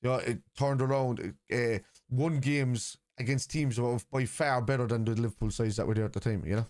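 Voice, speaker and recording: A man's voice: mid-range voice, steady tone, fairly quick, a little mellow. Combative Irish man arguing with his chat. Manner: combative, argues point by point with viewers. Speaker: football fan streamer. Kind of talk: live watchalong stream, answering chat.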